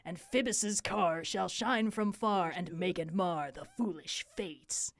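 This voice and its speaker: A woman's voice: on the low side, slow, no echo. A woman voicing a boastful male weaver who loves to play big parts, declaiming his lines grandly in a live table read. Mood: pompous. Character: boastful hammy male weaver, show-off amateur actor.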